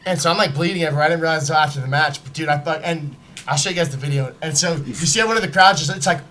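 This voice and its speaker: A man telling a story in casual podcast chat, animated and profane, acting out what people said. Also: fairly high pitch, racing, slight background noise. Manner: animated, profane, acts out quotes. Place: podcast studio, live.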